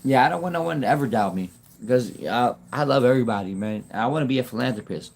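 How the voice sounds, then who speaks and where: A man chatting casually on a livestream from his phone, rambling in halting, broken-off phrases and laughing often. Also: mid-range voice, expressive, gravelly. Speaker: YouTube livestreamer.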